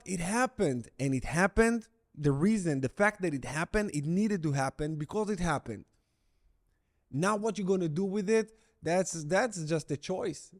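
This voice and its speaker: A middle-aged man coaching viewers through breakup recovery, blunt and emphatic, repeating his key phrases for weight. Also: fairly high pitch. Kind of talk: direct-to-camera coaching talk.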